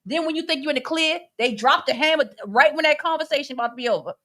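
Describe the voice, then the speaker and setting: A woman's voice: high voice, quick pace, pushed and bright. A woman co-hosting a casual podcast, reading chat comments and laughing as she acts out quoted voices.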